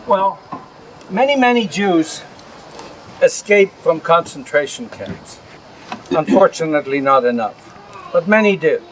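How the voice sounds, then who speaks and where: A man's voice: fairly high pitch, lively intonation, unhurried, pauses often, slight background noise, low-quality recording. An older man, a Holocaust survivor, lecturing to an audience in a plain, earnest way and taking their questions. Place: outdoor camp gathering.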